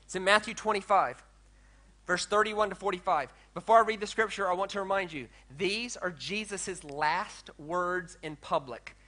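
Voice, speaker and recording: A man preaching a sermon as a pastor, animated and rising to loud declamation when reading scripture. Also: high-pitched, normal speed.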